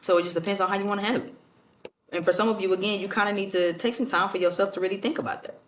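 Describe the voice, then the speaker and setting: A woman's voice: fairly low pitch, fairly bright tone, slight background noise. A woman doing a casual tarot reading, blunt and profane in a motivational way. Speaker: tarot reader. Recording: roomy echo, mic at a distance.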